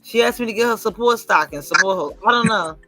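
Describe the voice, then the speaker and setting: Woman host, casual stream chat, crude and joking, bright voice, faint music underneath. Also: medium pitch, fast. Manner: brash, profane, jokey storytelling.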